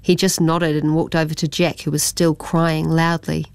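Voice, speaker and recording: Low-voiced New woman narrating. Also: moderate pace, gravelly, smooth, dry recording. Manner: plain, steady reading. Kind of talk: storybook reading aloud.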